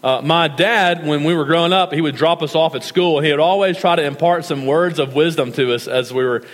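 A male pastor preaching a sermon in a church, earnest and measured, slowing down for scripture and prayer. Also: a little high. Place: church sanctuary. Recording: reverberant hall.

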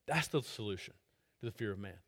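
A male pastor giving an expository sermon, emphatic and repeating key phrases, swinging between loud stress and soft drops. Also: lowish voice, animated, fast talker.

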